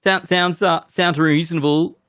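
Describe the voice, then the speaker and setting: A man hosts a casual whisky game show in a loose, self-deprecating way. His voice is on the high side, fairly even in intonation and normal in speed, with a clear, resonant, somewhat bright tone. The recording is dry and studio quality.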